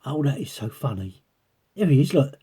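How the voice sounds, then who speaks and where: A man's voice: mid-range voice, big pitch swings, normal speed, dark tone, breathy edge. A man vlogging as a coin collector, chatting casually to viewers and breaking into giggles as he rambles on. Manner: giggly, keeps breaking into laughter; rambling, talking while peering through a magnifier.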